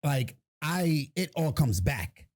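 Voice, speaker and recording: A man from New York co-hosting a podcast, explaining things in relaxed, casual chat. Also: a little high, slow pace. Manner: relaxed, explains with "you know what I'm saying". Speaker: podcast co-host.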